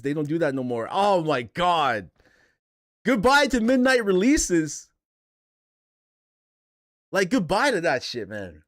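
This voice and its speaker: A man's voice: medium pitch, no room sound, clean studio sound. A man hosting a casual live stream, rambling emotionally, swearing and reading chat aloud from his chair. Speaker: streamer host. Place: home stream setup in a chair.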